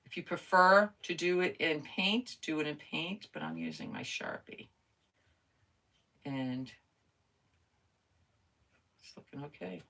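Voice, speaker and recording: Older lady crafting live, low voice but bright, chatty, reads comments out loud. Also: expressive, takes it slowly, pauses often. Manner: chatty, self-talking while crafting, reads viewer comments. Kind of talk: casual live craft chat.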